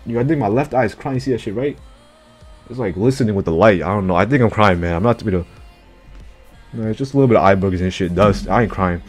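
A man's voice: fairly low pitch, fast talker, darkish tone, breathy edge, faint music behind. A man casually reacting to an anime chapter, slangy and profane, who keeps blurting out exclamations.

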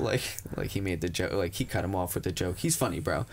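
A man's voice: low voice, fast, vocal fry, few pauses. A man co-hosting a casual podcast, retelling stories with lots of swearing and acted-out quotes. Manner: animated storyteller, swears freely, acts out quotes. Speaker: podcast co-host.

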